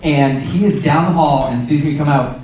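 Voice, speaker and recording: A man in his thirties doing a stand-up comedy set, sarcastic with deadpan asides and sudden acted-out voices. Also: on the high side, normal speed. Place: comedy club stage, from far off. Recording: roomy club sound, distant mic, crowd laughter.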